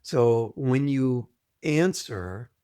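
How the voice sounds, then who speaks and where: A man guesting on an interview podcast, explaining things deliberately, repeating his points and often clearing his throat. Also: mid-range voice, lively intonation, dark tone, no room sound, studio quality. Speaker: guest, trauma author. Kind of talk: conversational interview, teaching.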